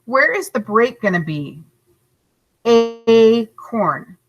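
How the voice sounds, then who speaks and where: A woman teacher giving a recorded lesson to young children, stretching out each word slowly and encouraging them. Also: mid-range voice, lo-fi sound, over music. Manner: slow, drawn-out modeling of words, encouraging.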